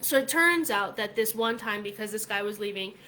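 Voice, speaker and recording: A middle-aged woman hosting a casual vlog, telling a story in a chatty, animated way, with lots of filler words. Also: mid-range voice, brisk, a little hiss or hum. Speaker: vlog host.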